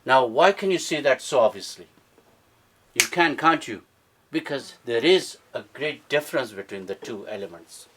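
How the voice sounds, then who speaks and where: A man's voice: mid-range voice, animated, moderate pace, noisy background. Man quizzing a live audience. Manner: engaging, quizzes the audience, keeps checking with "yeah?". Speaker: speaker at a book launch. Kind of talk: interactive teaching talk to a live audience. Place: event room with a live audience.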